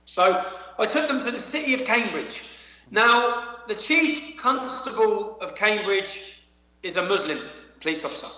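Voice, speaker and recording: High-voiced, agitated Englishman. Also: animated, unhurried, pushed and bright. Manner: agitated, emphatic, repeats words. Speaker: guest. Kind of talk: heated personal account. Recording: echoey, dull-sounding audio.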